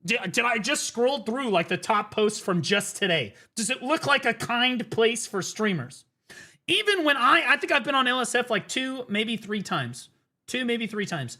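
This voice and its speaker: A man's voice: very high-pitched, animated, normal speed, pushed and bright. A man streaming live reaction commentary, blunt and profane, repeating his points as he gets riled up. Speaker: streamer host.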